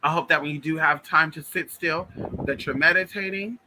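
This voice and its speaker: A man's voice: on the high side, moderate pace, pushed and bright, a little hiss or hum, low-quality recording. A man talking straight to his viewers in a casual vlog monologue, emphatic and repetitive, calling them honey and y'all. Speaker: spiritual vlogger. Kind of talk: casual direct-to-camera monologue.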